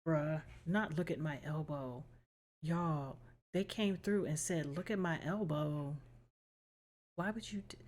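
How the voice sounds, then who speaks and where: A woman's voice: sits low, a little slow, a little mellow. Exasperated, blunt woman reacting. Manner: exasperated, blunt, swears freely. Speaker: reaction video host. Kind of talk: casual reaction commentary.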